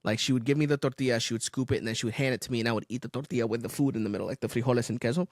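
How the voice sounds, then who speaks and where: A man with a medium-pitched voice races through his stories as a podcast co-host, recorded in clean studio quality with no room sound. The chat is casual and animated, packed with swearing and frequent laughter.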